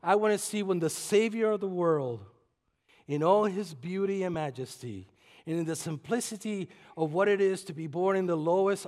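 A man from preaching a sermon in a church, telling a story that swings from soft asides to shouted climaxes. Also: fairly high pitch, lively intonation, moderate pace. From Puerto Rico. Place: church sanctuary. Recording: long hall reverb.

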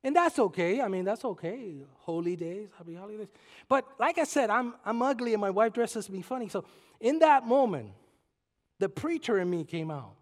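A man from preaching a sermon in a church, telling a story that swings from soft asides to shouted climaxes. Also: high-pitched, big pitch swings, normal speed. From Puerto Rico. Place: church sanctuary. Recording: long hall reverb.

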